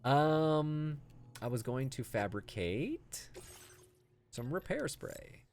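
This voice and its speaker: A man's voice: mid-range voice, expressive, slow pace, a little mellow, a little hiss or hum. A man streaming a video game, chatting casually and answering his chat as he plays. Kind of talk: casual gameplay commentary.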